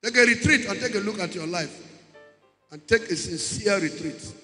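Emphatic male preacher, bright tone, long hall reverb. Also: sits high, normal speed, soft background music. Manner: emphatic, repeats key words, calls out to the congregation. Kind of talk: sermon.

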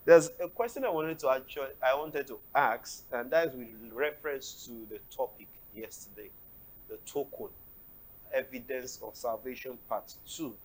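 A man's voice: medium pitch, normal speed, rough recording. Man reading viewer questions aloud.

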